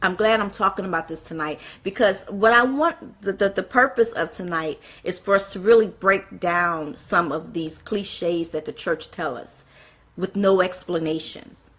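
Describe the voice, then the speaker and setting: A woman delivers a fiery, passionate sermon to a gathering, piling up rhetorical questions. Her voice is bright and forward with a husky edge. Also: lowish voice, measured pace. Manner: fiery, fires off rhetorical questions, apologizes for getting excited. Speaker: speaker at a church event.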